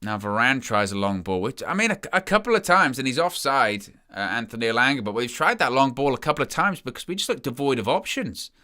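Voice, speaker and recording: A young man giving excitable, chatty live commentary as a fan following a football match. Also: medium pitch, fast talker, hardly any pauses. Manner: excitable, chatty play-by-play with asides.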